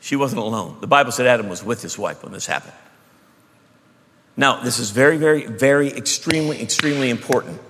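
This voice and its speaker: Pastor, man, mid-pitched, emphatic sermon delivery, booming hall echo. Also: expressive, fairly quick, slightly rough. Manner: emphatic preacher, shifts between loud bursts and hushed asides. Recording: long hall reverb.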